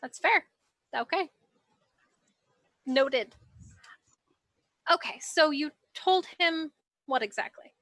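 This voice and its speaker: A woman playing in a tabletop game, moving in and out of character and asking a lot of probing questions. She speaks in a high, bright voice on a close, dry mic. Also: slow, long pauses, no echo. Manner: questioning, hesitant with frequent ums. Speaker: player. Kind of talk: tabletop role-play, in and out of character.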